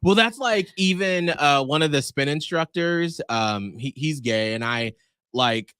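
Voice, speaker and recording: A man in his forties co-hosting a podcast, telling stories in casual chat and acting out other people in shrill high voices. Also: measured pace, clear, resonant tone, no echo, clean studio sound. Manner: animated storyteller who acts out people in shrill high voices. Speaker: podcast co-host.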